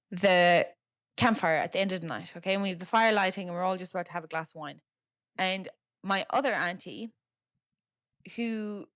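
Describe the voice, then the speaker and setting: There's a slightly bright, mid-range quality to this young Irish woman's voice, captured dry at studio quality. Hosting her podcast, she recounts a personal family tale candidly and conversationally, with lots of fillers and the odd curse.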